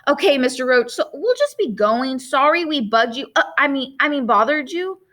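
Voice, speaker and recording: A woman voicing a nervous young boy who speaks in a hushed, hesitant way while trying to stay calm. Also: sits high, normal speed.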